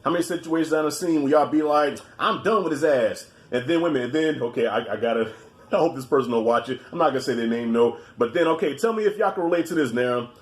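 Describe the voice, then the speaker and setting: A man hosting a casual chat video, telling stories in an animated, profane way. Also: mid-range voice, fast talker. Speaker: video host. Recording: echoey room.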